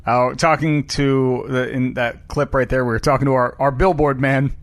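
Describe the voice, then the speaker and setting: A man's voice: mid-range voice, steady tone, normal speed. A man co-hosting a casual comedy podcast, delivering dry jokes and show intros. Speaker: podcast co-host.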